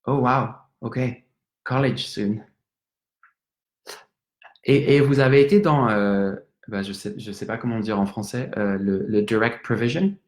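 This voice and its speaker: A man's voice: lowish voice, moderate pace, close to an everyday voice. A man with a French accent playing a drunk, apologetic young Frenchman in a stage monologue, rambling and stumbling over his words. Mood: awkward, chatty. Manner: rambling, stammering, switches between English and French. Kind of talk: theatrical monologue. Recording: roomy echo.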